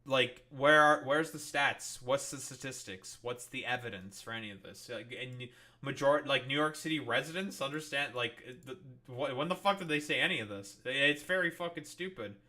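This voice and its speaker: Young man, streamer, bright voice, profane ranting, sarcastic. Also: medium pitch, normal speed. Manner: mocking, sarcastic asides. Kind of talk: live-stream commentary.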